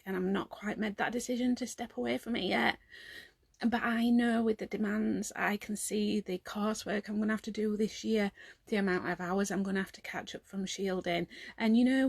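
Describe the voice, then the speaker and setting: Woman in her thirties, worn out and close to tears, rambling to her phone, dry close sound, some vocal fry. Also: mid-range voice, fairly even intonation, normal speed, dry recording. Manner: rambling and heartfelt, fighting back tears at times. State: exhausted. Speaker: vlogger. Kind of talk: emotional confessional vlog.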